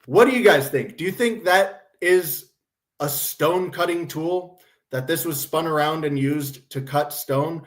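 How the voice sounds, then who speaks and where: A man's voice: on the high side, a little slow. A man hosting a casual commentary stream, talking bluntly with a sardonic, profane edge. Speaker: host.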